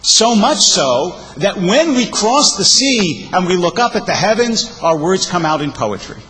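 A male rabbi preaches with a high, animated voice that rises and falls as he leans into key words. He recites verse with feeling and explains it warmly to his congregation. His voice rings out with a long reverb, as if in a large sanctuary. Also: a little slow, soft background music. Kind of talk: sermon.

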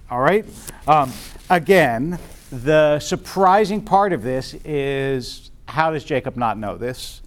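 Higher-voiced man teaching a Bible class. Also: expressive, takes it slowly. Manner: conversational, checks in with "right?", frequent "um". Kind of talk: informal class lecture. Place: classroom with a group present.

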